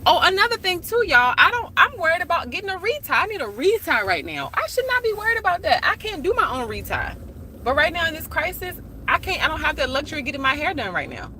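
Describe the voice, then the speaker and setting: Woman live-streamer, bright, forward voice, chatty and slangy, speaking into a phone in a parked car. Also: extremely high pitch, big pitch swings, fast talker, a little hiss or hum. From United States. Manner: chatty, talks straight to viewers with slang and asides. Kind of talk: casual live-stream chat.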